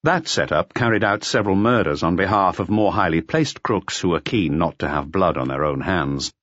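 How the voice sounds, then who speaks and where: A man reading a crime novel aloud in a measured, expressive storytelling manner. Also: low voice, no room sound. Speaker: audiobook narrator. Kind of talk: scripted narration. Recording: dull lo-fi audio, dry.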